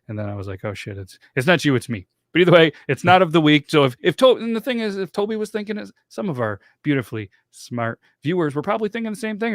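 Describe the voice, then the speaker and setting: A man's voice: mid-range voice, no room sound, studio quality. A man in his late thirties hosting a casual podcast, rambling loosely, swearing and laughing easily. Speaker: podcast host.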